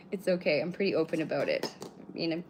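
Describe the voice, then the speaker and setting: A woman's voice: low voice, a little mellow, a little hiss or hum. A woman in her thirties chatting casually on a live stream, rambling, blunt and swearing freely as she answers viewers. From British Columbia, Canada. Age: 30s. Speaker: livestreamer.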